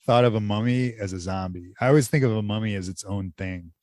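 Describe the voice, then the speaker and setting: A man co-hosting a movie podcast, relaxed, chiming in with short agreements and questions. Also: fairly low pitch, fast, no echo, studio quality. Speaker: podcast co-host. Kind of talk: casual movie review chat.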